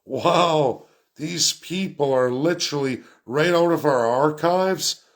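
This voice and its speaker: A man giving an unscripted political rant as a vlogger, talking quickly and emphatically and repeating phrases for effect. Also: fairly high pitch. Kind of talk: unscripted ranting monologue.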